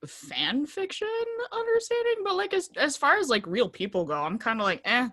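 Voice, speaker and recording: A woman's voice: a little high, sing-song, moderate pace, fairly bright tone. A young woman co-hosting a podcast in casual chat, gushing and emotional, filling her talk with "like". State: tearing up. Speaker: podcast co-host.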